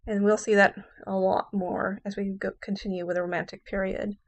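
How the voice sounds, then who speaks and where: A woman English professor lectures on poetry at a middle pitch, neither high nor low. She reads lines of verse slowly, leaning hard on the stressed words. Then she explains them in an easy, plain way, with an occasional "um" or "okay". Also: level tone, lo-fi sound.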